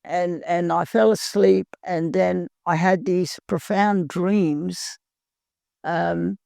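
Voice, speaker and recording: Gravelly woman telling her story. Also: fairly low pitch, fairly even intonation, takes it slowly, darkish tone, dry recording, studio quality. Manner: earnest, plain-spoken. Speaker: guest sharing recovery story. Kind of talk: personal storytelling.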